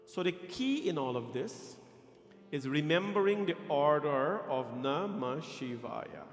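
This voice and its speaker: In a temple hall, a man acting as a pandit delivers a sermon mixing teaching and chanting, coaching Sanskrit pronunciation while playfully quizzing and teasing his congregation. His voice is fairly high, expressive, and unhurried. The echoey hall carries music in the background.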